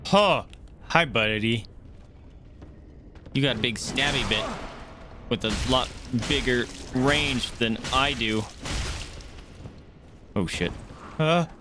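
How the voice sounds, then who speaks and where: A young man giving live commentary as he plays a game, reacting loudly and swearing often, yelping when startled. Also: mid-range voice, takes it slowly, long pauses, background noise. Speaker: streamer playing a game.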